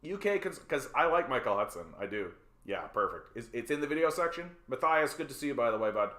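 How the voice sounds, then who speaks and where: A man's voice: mid-range voice, sing-song, brisk, a bit bright. A man hosting a political livestream in a heated, profane rant that is full of repeated words and fillers. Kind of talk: ranting live-stream commentary. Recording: roomy echo.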